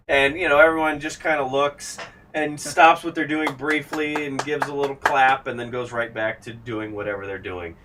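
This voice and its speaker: A man narrating a tabletop game as game master, describing scenes at length and pausing with fillers. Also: mid-range voice, fairly even intonation, fairly bright tone. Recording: distant mic, faint background hiss.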